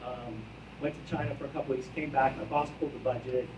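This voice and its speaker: Man, executive at a conference, animated storyteller, roomy hall, heard from a distance. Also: mid-range voice, fast, background noise. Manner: animated anecdote, acts out both sides of dialogue; casual, a bit brash, self-mocking. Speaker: brand executive speaker. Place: conference hall with live audience.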